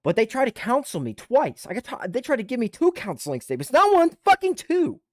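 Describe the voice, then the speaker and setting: A man's voice: high-pitched, sing-song, fast, darkish tone, dry recording, clean studio sound. A man hosting a livestream, telling a casual profane story and ranting animatedly, recorded on a desktop USB mic at home. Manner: swears constantly, restarts, rants animatedly. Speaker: livestream host and army veteran. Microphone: desktop USB microphone.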